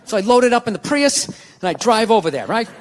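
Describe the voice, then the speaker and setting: An American man doing a stand-up routine, ranting and breaking into shouted outbursts. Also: high voice, sing-song, fast talker, a little hiss or hum. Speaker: stand-up comedian. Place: theater stage. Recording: live venue reverb.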